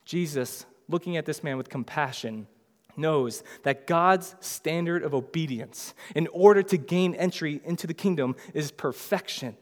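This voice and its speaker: A pastor delivers a sermon in a relaxed, talkative style, slipping into lively voices to act out scenes from scripture. His voice sits a little higher than most men's. The sound carries the long reverb of a large church sanctuary. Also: unhurried. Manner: conversational preaching, acts out biblical dialogue in lively voices.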